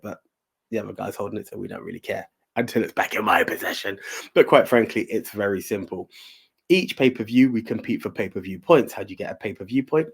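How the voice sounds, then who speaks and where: A man's voice: mid-range voice, vocal fry, husky. Podcast host: man, easygoing and self-mocking, walks through the rules in a chatty way. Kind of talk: casual chat.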